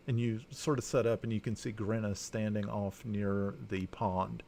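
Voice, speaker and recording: Halting game master with a gravelly voice. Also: male voice, lowish voice, little pitch movement, dark tone, a little hiss or hum. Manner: halting, many fillers and restarts. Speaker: dungeon master. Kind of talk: narrating a tabletop game.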